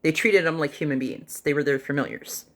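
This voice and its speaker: A woman on a livestream telling a personal story casually and dramatically, pausing often, with fillers and acted-out quotes. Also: deep voice. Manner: dramatic retelling that acts out other people's lines; unhurried, with pauses and fillers.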